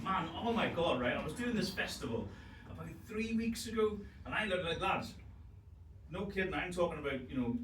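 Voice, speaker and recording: A man in his forties with an Irish accent, performing a stand-up comedy set and telling stories in an animated way, often laughing at his own jokes. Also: mid-range voice, background noise. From Ireland. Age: 40s. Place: live comedy venue. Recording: roomy live venue, mic far off.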